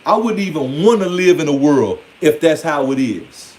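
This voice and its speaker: A man's voice: fairly high pitch, animated, normal speed, darkish tone. A man giving a casual, blunt, playfully scolding monologue on spirituality. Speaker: spiritual speaker.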